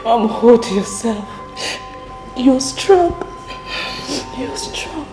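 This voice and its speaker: A woman's voice: sits high, lively intonation, takes it slowly, rough recording. An actress playing a distressed young woman comforting her crying mother. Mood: soothing. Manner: soothing, tearful, pleading. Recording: music playing behind.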